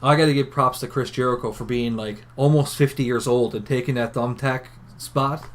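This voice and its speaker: A man with a Newfoundland accent talks casually on a podcast at a mid-range pitch. He argues his points bluntly and swears freely along the way. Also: fairly even intonation, moderate pace. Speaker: podcast co-host. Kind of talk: casual wrestling chat.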